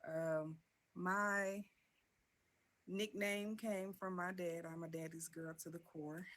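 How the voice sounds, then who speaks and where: Southern US woman in her twenties, deep voice, slow measured talk, interview guest. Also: fairly even intonation, fairly bright tone. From Georgia, USA. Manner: unhurried, with frequent "um" fillers. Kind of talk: casual interview storytelling.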